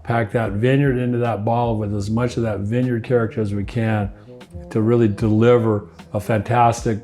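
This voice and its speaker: An older man answering interview questions in a relaxed, rambling way, restarting phrases and chuckling often. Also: lowish voice, normal speed, faint music behind. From United States. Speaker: winery owner interviewee.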